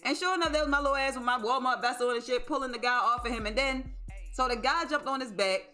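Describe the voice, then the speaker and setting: A woman's voice: high voice, fast, bright, forceful tone, faint music behind. A young adult woman livestreaming, telling a story in a casual, exclamatory, profane way. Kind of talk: casual storytelling to a live stream.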